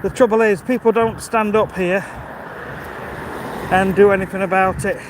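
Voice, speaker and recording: A man's voice: high-pitched, fairly even intonation, normal speed. A British man in his fifties chatting casually on a live stream while walking outdoors, a little out of breath, greeting viewers and answering their questions. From United Kingdom. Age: 50s. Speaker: livestream host. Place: outdoors on a rural walk. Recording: outdoor ambience with audible wind and noise.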